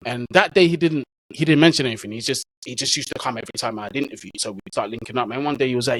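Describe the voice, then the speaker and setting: Man, interview guest, casual slangy storytelling, mid pitch, dry close recording. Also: racing, hardly any pauses, fairly bright tone, no echo, poor audio. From England. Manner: easygoing, slang-heavy storyteller. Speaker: guest, football content creator.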